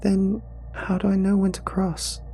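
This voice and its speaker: A man's voice: high-pitched, expressive, takes it slowly, gravelly, mellow, a little hiss or hum, voice pushed up, heavily acted. A man doing a scared little boy.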